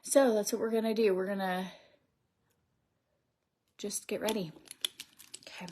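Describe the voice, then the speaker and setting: A beauty vlogger in her thirties does her makeup during a get-ready-with-me livestream, rambling casually and often sinking almost to a whisper. Her mid-range voice is measured in pace and fairly even in intonation, with background noise behind her.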